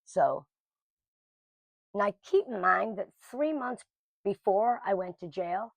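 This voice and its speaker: A woman's voice: medium pitch, slow pace, vocal fry, dry recording. A middle-aged woman telling a personal story to camera in a casual, blunt and emotional way. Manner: emotional, blunt, lively quoting of others.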